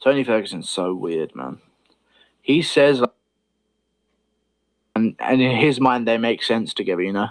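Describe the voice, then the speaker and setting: A man's voice: fairly low pitch, expressive, a little slow, pauses often. A man from Britain, chatting casually on a livestream with rambling, profane opinions. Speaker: stream host.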